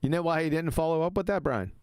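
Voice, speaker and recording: A man's voice: on the high side, fast, creaky, a little mellow, clear, resonant tone, no echo, studio quality. A man hosting a voice-chat show, commenting on a debate clip in a mocking way and laughing often. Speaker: host.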